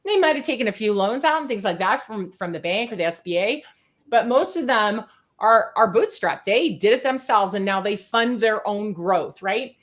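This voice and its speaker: A middle-aged woman consultant answering podcast interview questions in an energetic, fast way, often tagging her points with "right?". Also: mid-range voice. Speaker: sales consultant guest.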